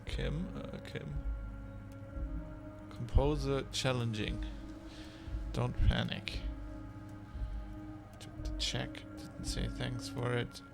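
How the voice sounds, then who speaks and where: A man's voice: mid-range voice, little pitch movement, takes it slowly, gravelly, pauses often. A man streaming a video game, joking casually and reading dialogue choices aloud. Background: faint game music.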